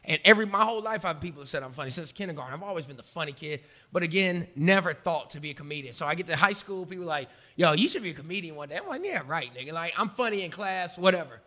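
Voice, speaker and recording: Fast, bright-voiced comedian telling stories. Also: male voice, on the high side. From American. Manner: animated, profane, swings from loud to quiet. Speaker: stand-up comedian. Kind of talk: casual storytelling in an interview.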